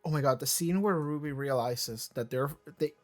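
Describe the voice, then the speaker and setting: A man's voice: fairly high pitch, moderate pace, darkish tone, faint music behind. A man hosting a reaction video, rambling through casual commentary with lots of fillers, restarts and casual swearing.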